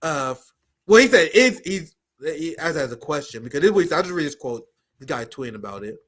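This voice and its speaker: A man's voice: fairly high pitch, expressive, fairly quick, a bit bright. A man hosting a live political talk show, blunt and profane, riffing animatedly and handing over to a co-host. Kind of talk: casual political commentary.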